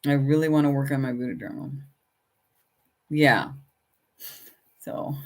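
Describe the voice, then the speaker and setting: A woman's voice: a bass voice, a little slow, a little mellow. A middle-aged woman hosting a casual crafting livestream, chatting with viewers by name while she works on her journals. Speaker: livestream host.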